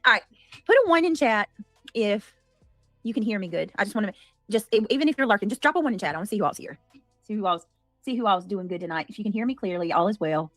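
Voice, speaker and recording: A woman hosting a casual livestream, greeting viewers by name and cheering gifts with excited squeals. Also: medium pitch, fast talker, no echo, clean studio sound, faint music behind. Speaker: livestream host.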